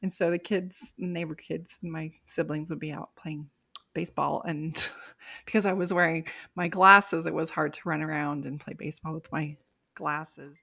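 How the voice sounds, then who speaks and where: A woman's voice: sits low, steady tone, moderate pace, creaky, bright, forceful tone. A middle-aged woman, a life coach guest on a podcast, talking reflectively and laughing lightly as she explains. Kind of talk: casual podcast interview.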